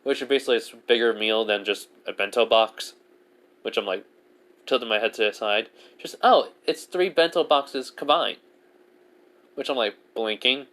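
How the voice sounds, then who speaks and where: A man's voice: fairly low pitch, steady tone, a little fast, sharp tone. A man narrating a self-insert fan story off the cuff, rambling and full of filler words.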